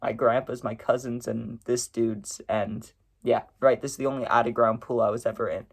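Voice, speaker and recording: A young man tells a personal story in a loose, rambling way, leaning on "you know" and "right" between thoughts. His voice has a gravelly edge and sits at an ordinary pitch. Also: little pitch movement, moderate pace. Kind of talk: casual storytelling.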